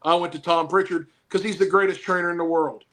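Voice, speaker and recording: A man's voice: high-pitched, fairly even intonation, fast talker, a bit bright. A man who wrestles professionally and coaches football, chatting casually on a podcast, rambling and joking while he hands out blunt advice.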